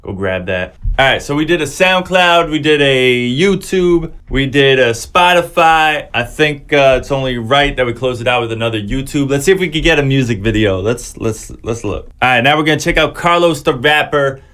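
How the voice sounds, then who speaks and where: A man in the middle of an average pitch range chats through a review of fans' tracks like a friendly producer. He keeps it loose and encouraging, stumbling over restarts and filling gaps with "like". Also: lively intonation, normal speed, few pauses, fairly bright tone. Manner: encouraging, conversational, with many restarts and "like" fillers. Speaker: music producer reviewing fan songs. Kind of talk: casual reaction commentary.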